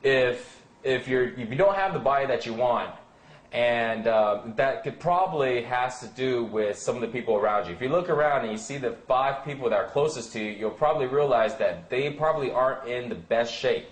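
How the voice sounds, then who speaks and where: A man with a mid-range voice talks at a moderate pace as a fitness coach in a casual advice chat. He rambles with many fillers and acts out what friends might say, recorded in an echoey room.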